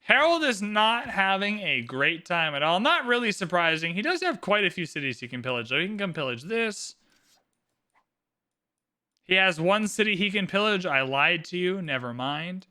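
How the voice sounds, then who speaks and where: A man commentating a live game stream, excitable and theatrical, swinging from shouts to mumbled asides. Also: high-pitched, moderate pace. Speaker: livestream host commentating an AI game tournament.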